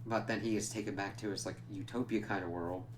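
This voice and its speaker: Casual male comic reviewer, fairly low voice, loose and rambling delivery full of fillers, drops the odd swear, faint hum in the background. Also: steady tone, fast. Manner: rambling, heavy on "like" and "kinda" fillers.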